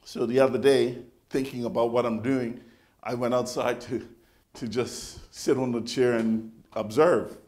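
A male pastor preaching a sermon in a conversational, animated storytelling manner, often restarting his phrases. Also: medium pitch, measured pace.

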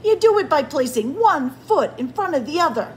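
A woman's voice: fairly high pitch, big pitch swings, takes it slowly, a little hiss or hum. A woman reading aloud, voicing a grumpy male bird who snaps curt replies in a storybook.

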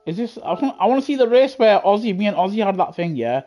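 Man, British accent, young adult, excitable, chatty, live gameplay commentary, headset mic. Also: high voice, fast, dull audio. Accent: British English. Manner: chatty, excitable, talks to chat. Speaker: gaming livestreamer. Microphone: gaming headset.

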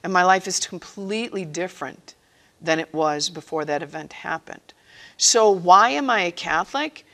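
At a catechist training session, a woman with a fairly low, fairly bright voice shares her faith in a personal talk. Her intonation is lively and her speed normal, and she stays earnest and conversational while acting out the quotes she uses.

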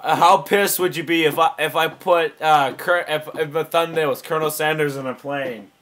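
A man's voice: fairly high pitch, normal speed, a little hiss or hum. A man hosting a gameplay video, chatting casually and teasing a friend. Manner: excitable, giggly, teasing.

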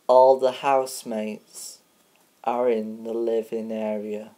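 A woman's voice: a bass voice, takes it slowly, dark tone. A woman hosting a mock TV show in a playful, rambling way, teasing and sing-song, with plenty of filler sounds. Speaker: show host.

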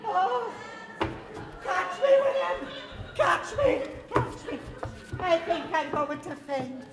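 A woman's voice: high voice, lively intonation, slow pace, reverberant, long reverb tail, loud music behind the voice. A performer voicing a frail, theatrical elderly grandmother who keeps threatening to faint. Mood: swooning. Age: older. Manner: theatrical, swooning, then indignant.

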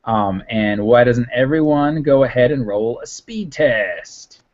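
A man's voice: medium pitch, slow, darkish tone. A man narrating a tabletop game as game master, rambling with many fillers. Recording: dull lo-fi audio.

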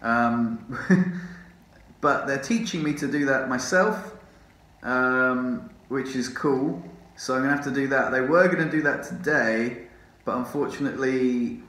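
Drowsy, rambling man vlogger on morphine, mid-pitched, echoey ward room. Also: unhurried, fairly bright tone. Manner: rambling, chatty, swears and laughs often. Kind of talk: casual vlog chat. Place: rehab hospital room. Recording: roomy echo.

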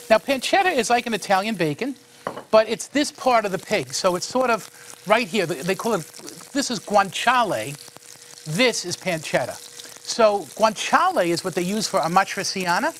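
A man hosts a home cooking segment, chatting while he cooks. His voice sits high and the words tumble out fast. He keeps it folksy and enthusiastic. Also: lively intonation, a bit bright, slight background noise. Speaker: cooking show host, a monsignor.

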